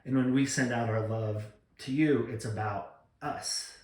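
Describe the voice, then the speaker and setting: A man's voice: medium pitch, steady tone, unhurried, a little mellow. A man speaks earnestly into a camera mic, rambling through a reflective gratitude vlog with plenty of ums and restarts. His voice sits in a middling range. The room around him is noticeably echoey. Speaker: vlogger. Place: room at home.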